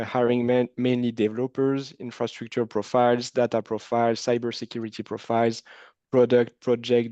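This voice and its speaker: A man's voice: medium pitch, darkish tone, no echo, muffled recording. A man with a French accent, a native French speaker, speaking politely on a webinar panel about recruiting, with hesitant fillers. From France. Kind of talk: panel discussion.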